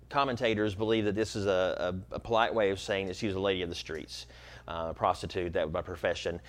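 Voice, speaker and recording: A middle-aged man preaching a conversational sermon as pastor, explaining at an easy pace with many fillers and restarts. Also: fairly low pitch.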